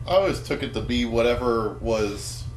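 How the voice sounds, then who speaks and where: A man's voice: medium pitch, expressive, normal speed, echoey room, slight background noise. A man co-hosting a podcast in casual chat, chiming in with short, laid-back remarks. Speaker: podcast co-host.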